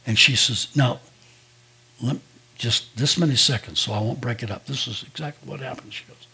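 A man's voice: mid-range voice, moderate pace, gravelly, pushed and bright. An older man, a pastor, preaching a sermon in a conversational, storytelling way, acting out quoted dialogue.

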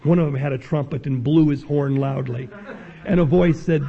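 A man preaching a sermon as pastor, emphatic and rising to loud peaks. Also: fairly high pitch, normal speed. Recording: dull lo-fi sound.

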